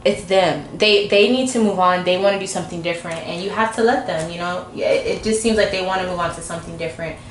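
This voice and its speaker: A woman's voice: on the low side, quick pace, few pauses. A woman giving a casual, informal tarot reading to camera, chatty and talking straight to the viewer. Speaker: tarot reader. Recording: echoey room, faint background noise.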